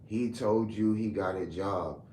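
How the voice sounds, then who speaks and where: This online commentator from Brooklyn has a lowish, slightly mellow voice and a measured pace. He delivers a heated, repetitive rant aimed back at his commenters, confronting them head-on. The recording has room echo and faint ambience.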